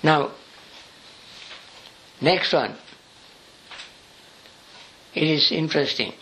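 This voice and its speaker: An older man, a monk teaching a scripture study class with slow, halting explanations and spelled-out words. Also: a little high, pushed and bright, a little hiss or hum, rough recording.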